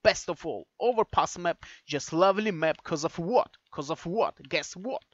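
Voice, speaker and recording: Excitable high-voiced male game commentator. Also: normal speed, no echo, lo-fi sound. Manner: excitable, joking, bursts into shouts at big plays; repeats phrases, fillers, non-native English phrasing. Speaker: esports commentator. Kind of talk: live play-by-play commentary.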